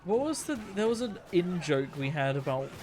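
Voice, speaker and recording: A man's voice: sits high, sing-song, moderate pace, a little mellow. A man streaming a game, chatting in a joking, rambling way. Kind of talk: casual gaming stream chat.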